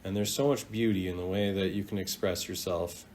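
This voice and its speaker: A man teaching a casual video language lesson, chatty and animated, drawing out sounds as he demonstrates them. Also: sits low, a little hiss or hum. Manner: lively, chatty, drawn-out demonstration of tones.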